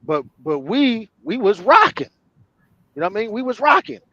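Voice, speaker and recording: A man's voice: high-pitched, very animated, moderate pace, sharp tone, highs cut off, slight background noise. A man telling a long personal story on an online panel in loose, slangy street talk, full of fillers. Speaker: panel guest.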